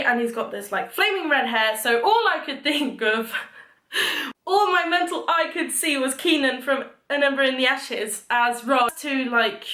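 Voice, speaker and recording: High, bright-voiced young woman gushing. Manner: gushing, rambling recap full of "like". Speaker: book vlogger. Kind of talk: casual book talk. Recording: echoey room.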